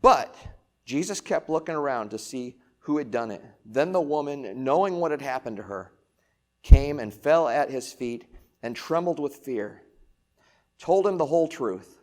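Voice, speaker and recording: A man preaching a sermon in a casual, conversational way, asking rhetorical questions and swinging between loud emphatic lines and quiet ones. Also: mid-range voice, lively intonation, a little slow. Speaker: pastor.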